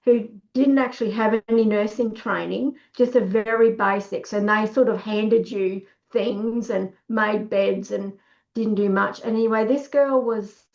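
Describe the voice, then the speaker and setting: A woman's voice: mid-range voice, steady tone, measured pace, gravelly, darkish tone, muffled recording. A middle-aged woman, talking casually on a webinar, telling stories and acting out what people said, with lots of restarts. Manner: storytelling, acts out quoted lines, many restarts. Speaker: workshop speaker.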